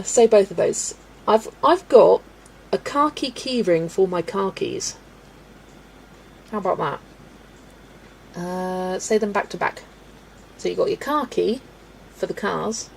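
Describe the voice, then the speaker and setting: A woman's voice: medium pitch, a little hiss or hum, poor audio. A woman hosting a colouring live stream, chatting casually with viewers and giggling often. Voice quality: gravelly creak in the voice. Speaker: colouring livestream host.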